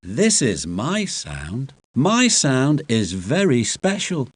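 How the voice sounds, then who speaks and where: Man doing a calm older tram engine, slow and unhurried, dry close sound. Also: medium pitch, husky, dry recording, full character voice. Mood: proud.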